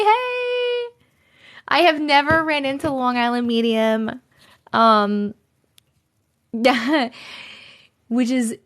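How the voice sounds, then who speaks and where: A woman with a New York accent hosting a casual livestream chat from home on a phone, giggly and playful. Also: fairly high pitch. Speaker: livestream host.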